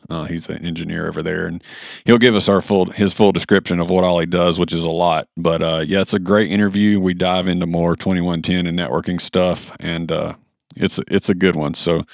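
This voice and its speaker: American male host, gravelly deep voice, folksy and enthusiastic. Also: no echo, clean studio sound. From United States. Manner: enthusiastic, folksy, lots of fillers. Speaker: podcast host. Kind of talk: casual podcast chat.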